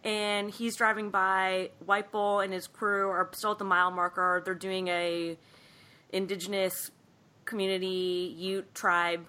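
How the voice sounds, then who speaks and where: A woman co-hosting a podcast, casually recapping a movie plot in an animated storytelling way. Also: medium pitch, measured pace. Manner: animated storytelling, acts out quoted lines. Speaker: podcast co-host.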